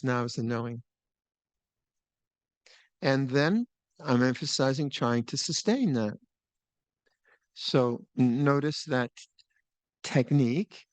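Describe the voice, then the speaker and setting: An older man teaching meditation at a retreat, talking in a relaxed, musing way with small laughs and restarts. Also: medium pitch, no echo. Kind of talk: Dharma talk at a retreat. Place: retreat hall.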